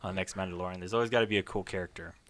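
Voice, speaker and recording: A man's voice: sits low, steady tone, very fast, fairly bright tone, no room sound. A man on a casual fan podcast, chatting and laughing along with the others. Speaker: podcast co-host. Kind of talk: casual chat.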